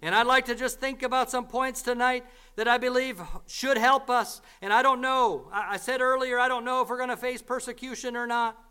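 An earnest male preacher with a very high, bright voice. His tone is smooth and clear, and he repeats his key points with emphasis. He often drops lower and softer as he draws back from the mic. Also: flat delivery, fairly quick, few pauses. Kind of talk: sermon.

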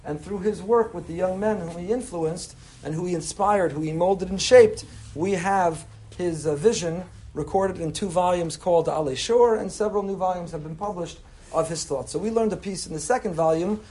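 A man's voice: high voice, normal speed, dark tone. A man, a rabbi, giving a chatty Torah class to a live group, mixing in Hebrew terms. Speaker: rabbi teaching a weekly class. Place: room with a breakfast crowd.

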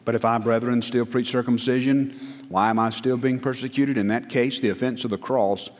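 Emphatic pastor preaching in a hall. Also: male voice, mid-range voice, fairly even intonation, fairly quick. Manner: emphatic, rising to loud peaks and dropping to hushed lines. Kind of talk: sermon. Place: church sanctuary. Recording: long church hall reverb.

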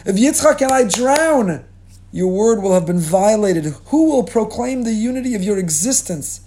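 A man's voice: high voice, lively intonation, normal speed, warm tone, a little hiss or hum, pitched above the performer's own voice. A man voicing Avram, an old patriarch pleading. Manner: raised, urgent pleading. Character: aged biblical patriarch crying out to God.

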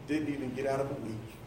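A man's voice: mid-range voice, background noise. A middle-aged man preaching a conversational sermon, playfully teasing and calling on listeners by name. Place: church sanctuary. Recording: echoey church from far off.

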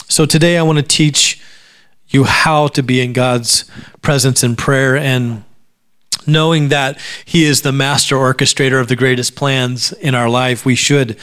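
A man preaching as a pastor at a church service, talking conversationally, often repeating words as he starts a sentence, with dry sarcastic asides. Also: mid-range voice. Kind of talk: sermon.

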